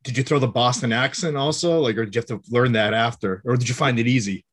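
Husky-voiced guy from western mass hosting, talks fast and loose. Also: mid-range voice, a bit bright. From Western Massachusetts. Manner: quick, conversational questions. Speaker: podcast host. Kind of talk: casual interview chat.

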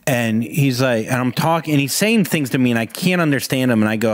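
A man's voice: mid-range voice, fairly quick, few pauses, no room sound. Male podcast guest, casual rambling storyteller, close dry mic. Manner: rambling, animated anecdote with acted-out quotes.

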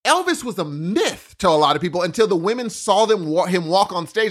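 Animated man, lively pitch. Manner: animated, quick to jump in, restarts sentences. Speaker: podcast co-host. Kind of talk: casual chat.

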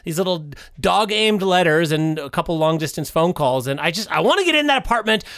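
A man with a high, very animated voice trades improvised comedy banter on a podcast. He swings between playful silliness and dry, deadpan asides. The sound is dry and close to the mic. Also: fairly quick, no room sound. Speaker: podcast co-host.

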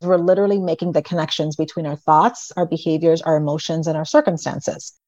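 A middle-aged woman, a pediatric psychologist, talking in an interview and telling stories with lively quoted voices of her kids. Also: low-pitched, fairly quick, dry recording. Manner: animated storyteller, voices her children in quotes. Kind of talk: conversational interview. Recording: dry, dull lo-fi remote audio.

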